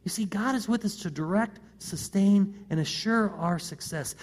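A man's voice: sits high, moderate pace. A middle-aged man, a pastor, preaching a conversational sermon full of rhetorical questions and repeated starts.

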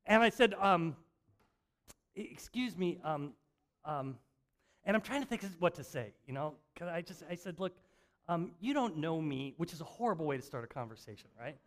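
An older male pastor with a high voice preaches in a church. He talks like he is chatting with friends, pokes fun at himself, and trips over his words as he restarts sentences. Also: lively intonation, normal speed. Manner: conversational, self-mocking storytelling with frequent restarts. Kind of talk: sermon. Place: church sanctuary.

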